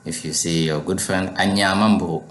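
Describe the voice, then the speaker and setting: Man, very deep voice, patient language teacher, repeats words slowly, echoey room. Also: fairly even intonation. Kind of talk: language lesson.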